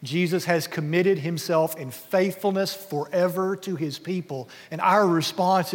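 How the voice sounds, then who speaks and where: A man preaching a sermon as pastor, earnest and sometimes dropping to a hush. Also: sits high, measured pace, few pauses. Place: church sanctuary. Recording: long church-hall reverb.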